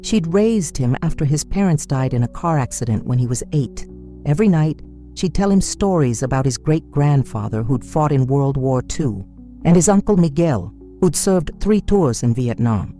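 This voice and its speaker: A man reading a dramatic scripted story in a measured, storytelling manner, with soft music behind. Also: animated. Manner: measured storytelling with wide pitch swings. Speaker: narrator.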